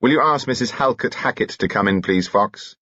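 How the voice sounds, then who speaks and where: A man voicing a calm, methodical male police inspector in an audiobook, quiet and matter-of-fact. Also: lowish voice, a little fast, no echo, lo-fi sound, voice pushed up.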